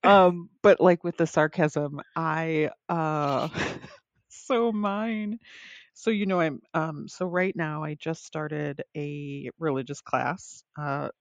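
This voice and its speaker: A woman's voice: deep voice, fairly even intonation, takes it slowly, no room sound. Reflective woman co-host, dull lo-fi sound. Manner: reflective, thinking aloud. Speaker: podcast co-host. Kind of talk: casual chat.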